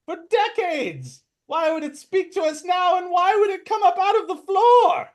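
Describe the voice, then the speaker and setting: Excitable little kobolds, put on by a man as game master: shrill, loud, frantic. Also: moderate pace. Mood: arguing. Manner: frantic, high-pitched shouting. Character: squeaky excitable kobold mob, small reptile creatures.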